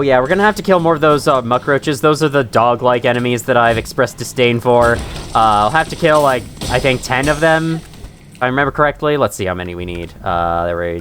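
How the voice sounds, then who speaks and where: A man's voice: medium pitch, fairly bright tone. A man hosting casual let's-play commentary, swearing often and joking through his frustration. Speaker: gaming channel host.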